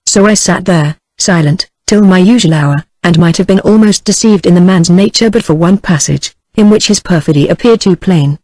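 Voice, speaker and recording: A text-to-speech woman's voice with an American accent reading a classic novel aloud in an even synthetic cadence. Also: lowish voice, moderate pace, hardly any pauses, no echo, low-quality recording. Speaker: audiobook narrator.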